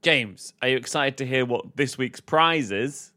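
A man runs a comedy quiz podcast with a lively, swooping voice. He is playful, fires off quick jokes and laughs easily at his co-host. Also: medium pitch. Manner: playful, giggly, quick asides.

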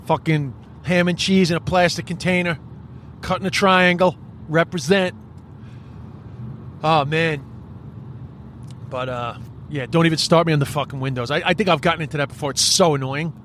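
An Irish man hosting a podcast, ranting in a profane, rambling, animated comic style. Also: a little high, moderate pace, long pauses, a little hiss or hum. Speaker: podcast host. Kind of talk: solo comedic podcast rant.

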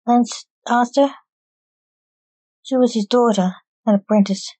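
A woman storyteller reading a story aloud at an even, measured pace. Her tone is mellow. The recording is dry and close. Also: on the high side, no room sound, poor audio.

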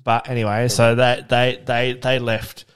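A man's voice: medium pitch, monotone, measured pace, smooth. An Australian man co-hosting a podcast over a video call, telling rambling anecdotes with plenty of swearing. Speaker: podcast co-host. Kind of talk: casual chat.

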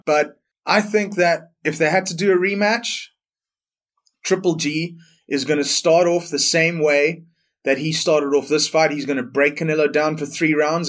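A man's voice: fairly high pitch, fairly bright tone. A young man hosting a solo sports podcast, blunt, profane and opinionated. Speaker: podcast host.

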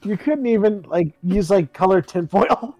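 A man on a casual podcast who keeps throwing in crude, wisecracking jokes. His voice sits notably high for a man. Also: animated, a little slow, darkish tone, muffled recording. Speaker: podcast co-host. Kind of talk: casual movie-riffing chat.

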